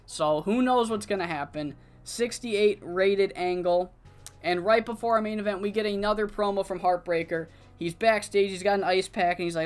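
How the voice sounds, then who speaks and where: A streamer narrates the booking of a wrestling management game in a loose, casual way, with fillers and the odd curse. The voice sits at a medium pitch. Faint music plays under the talk. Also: normal speed. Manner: casual, profane play-by-play with fillers.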